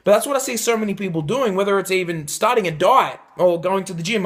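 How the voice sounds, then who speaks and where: A young man coaching viewers in an emphatic motivational talk to camera, shifting his pitch for effect. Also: animated, brisk, few pauses. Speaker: life coach.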